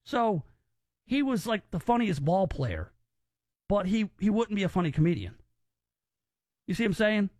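A man's voice: sits high, very animated, normal speed, long pauses, darkish tone, no room sound, clean studio sound. A man hosting a podcast, giving opinions in casual chat and often repeating words as he restarts. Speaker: podcast host.

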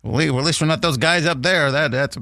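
A man's voice: a little high, fast talker, pushed and bright, no room sound, clean studio sound. A man hosting a morning show, chatting casually with lots of fillers and chuckles. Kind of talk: casual chat radio show.

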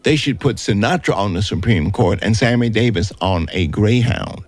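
A man's voice: lowish voice, animated, normal speed. A man voicing a wry, gossipy woman backup singer in a narrated story, close to his own voice.

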